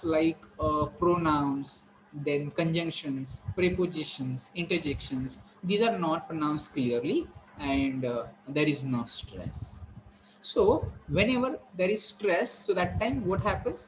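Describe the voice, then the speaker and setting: A man's voice: a little high, slight background noise, poor audio. A male teacher, lecturing on English pronunciation, explaining step by step and repeating key points.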